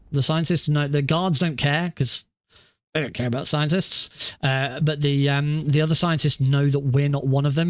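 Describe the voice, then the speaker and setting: A man casually commenting on his own speedrun practice, rambling and self-deprecating with lots of fillers and restarts. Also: on the high side. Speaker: speedrunner streamer.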